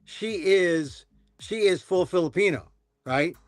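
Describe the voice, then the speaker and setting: A man hosting a casual talk show, rambling and animated, with many restarts. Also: high voice, slow pace, dry recording, faint music behind. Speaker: podcast host. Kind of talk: casual chat.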